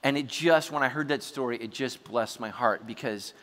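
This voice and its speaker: A man preaching a sermon, telling a story with animated energy and sudden shouts. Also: medium pitch, moderate pace, big-room sound. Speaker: pastor.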